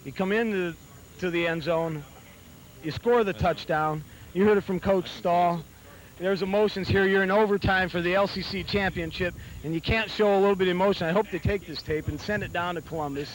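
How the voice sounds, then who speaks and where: A man doing postgame sideline interviews at an outdoor football field, talking in halting, rambling bursts. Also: sits high, steady tone, poor audio. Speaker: sideline reporter interviewing coaches.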